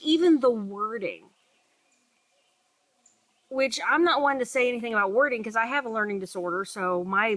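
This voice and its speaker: Woman co-host, higher bright voice, dry close sound, jokey asides. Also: no room sound. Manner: joking asides, laughs often. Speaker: podcast co-host. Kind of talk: casual chat.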